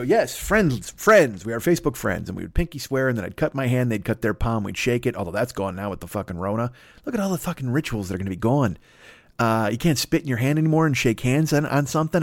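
A comedy podcast host launches into a rambling, foul-mouthed rant, swearing heavily and repeatedly cutting himself off to start over. His pitch sits mid-range for a man, and the sound is dry and close with no room echo.

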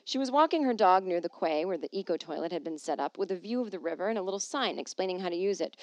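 A woman's voice: on the low side, animated, quick pace, hardly any pauses, darkish tone, dry recording. A woman hosting a podcast from home, chatting casually and reading an article aloud with wry, jokey asides. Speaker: podcast host.

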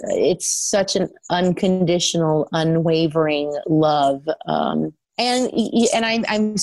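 A woman's voice: fairly low pitch, gravelly, no room sound. A woman in her thirties chatting in an interview, telling stories with lots of laughter. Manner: chatty, laughing, animated storytelling. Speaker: guest actress. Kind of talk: casual interview chat.

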